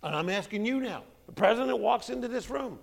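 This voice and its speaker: A man teaching a Bible study, reading scripture aloud and explaining it in a lively, conversational way. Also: extremely high pitch, a little fast, vocal fry. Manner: lively, conversational, acts out quotes.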